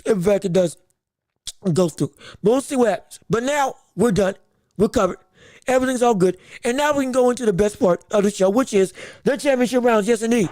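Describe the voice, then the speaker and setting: Excitable man ranting about boxing. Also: sits high, fairly quick, a little hiss or hum. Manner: excitable, emphatic, repeats himself when worked up. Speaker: boxing podcast host. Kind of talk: livestream sports commentary.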